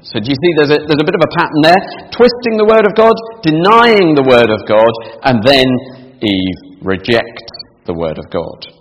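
Guy preaching a sermon, pretty lively up and down voice, big echoey hall, bit of hiss. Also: on the high side, moderate pace, lo-fi sound. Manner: asks the congregation questions, reads scripture aloud.

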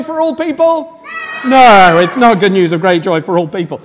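A man's voice: sits high, normal speed, slight background noise. A man leading a family church service, rousing the children to join in with fanfares and cheers. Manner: lively, rousing a crowd of children. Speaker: church leader. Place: large hall or church. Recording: echoey hall.

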